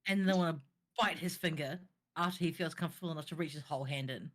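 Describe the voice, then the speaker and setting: A woman playing a tabletop game, chatting quickly with many fillers. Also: low voice. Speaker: player.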